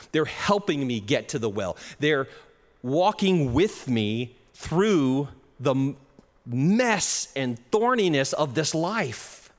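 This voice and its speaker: A man preaching a sermon in a church hall, with an animated delivery. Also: a little high, extremely slow. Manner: animated, acts out little quoted exchanges, chuckles at his own jokes. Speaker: pastor. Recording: long hall reverb.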